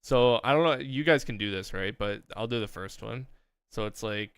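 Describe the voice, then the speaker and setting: Young streamer dude, chill chatty, bit gravelly, dry close mic. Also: male voice, fairly low pitch, a little slow, few pauses, dry recording. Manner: relaxed, chatty, thinking aloud. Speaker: streamer host. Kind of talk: casual livestream chat.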